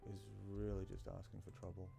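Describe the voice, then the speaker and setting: Low gravelly man rambling over gameplay. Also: monotone, brisk. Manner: rambling, self-talking, with many fillers and asides. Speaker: gaming YouTuber. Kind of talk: casual commentary while playing a game. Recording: faint game music behind.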